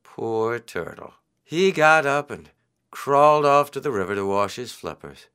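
A man reading a children's folk tale aloud in an expressive, unhurried way. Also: mid-range voice, smooth. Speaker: storyteller.

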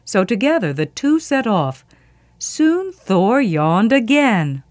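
A woman reading a myth aloud as a storyteller, expressive and vivid. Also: mid-range voice, slow, no echo, clean studio sound.

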